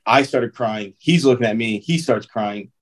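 A man's voice: mid-range voice, moderate pace. A man, a pro baseball player, telling stories as a guest in a casual interview, loose and chatty with lots of "um", "like" and "dude".

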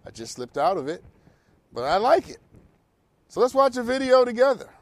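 A man hosting a talk show, giving advice in an animated, preacher-like cadence. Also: extremely high pitch, normal speed, dry recording.

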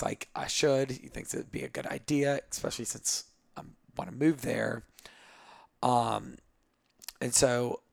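Guy in his 30s, gravelly voice, rambly, says like a lot, dry close sound. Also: medium pitch, no room sound. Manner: rambling, filler-heavy with frequent 'like'. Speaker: guest. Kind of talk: candid personal storytelling.

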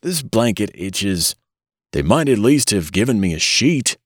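A man voicing a querulous old man who has just been born, speaking in a whining, quavering voice, higher than his own. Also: big pitch swings, measured pace, breathy edge, no echo, clean studio sound, heavily acted. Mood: petulant.

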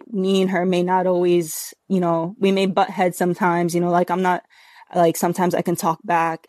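A woman's voice: lowish voice, a little mellow, dry recording, clean studio sound. A woman talking earnestly as a podcast guest, rambling with many fillers. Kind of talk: casual interview talk.

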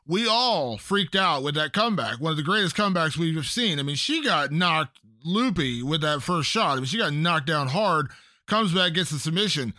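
A man's voice: fairly high pitch, lively intonation, moderate pace, pushed and bright, no echo, clean studio sound. A man hosting a casual podcast chat, making emphatic points and repeating them for stress.

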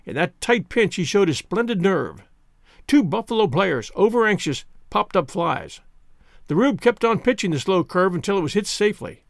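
Expressive man reading an audiobook. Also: high-pitched, moderate pace, gravelly, dry recording, studio quality. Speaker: audiobook narrator. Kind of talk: scripted first-person narration.

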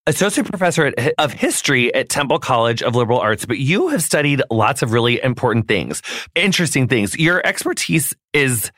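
Male podcast host, gushing and playful, lively swooping delivery, dry close mic. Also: medium pitch, a little fast, no echo. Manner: effusive, chatty, playful slang. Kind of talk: casual interview chat and ad reads.

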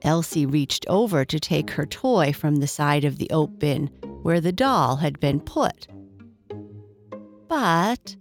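A woman narrating a bedtime story in a slow, gentle, soft-spoken way. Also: low-pitched, expressive, faint music behind.

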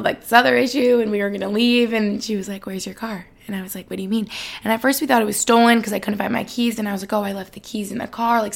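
A woman in her twenties hosting a casual solo podcast, chatting fast with lots of fillers and sounding a little out of breath. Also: mid-range voice, vocal fry. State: slightly out of breath. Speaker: podcast host.

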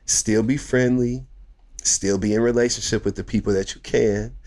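A man's voice: lowish voice, fairly even intonation, normal speed, a little mellow. A man as a podcast guest, giving emphatic, preachy opinions in casual chat. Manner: emphatic, preachy pep-talk delivery.

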